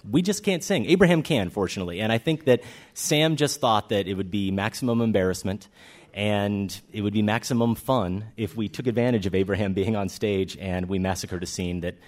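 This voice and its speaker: A man's voice: fairly low pitch, fairly quick, a little mellow. Playful man co-hosting a live show. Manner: playful, self-deprecating. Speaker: podcast co-host. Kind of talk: live podcast banter. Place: live stage before an audience.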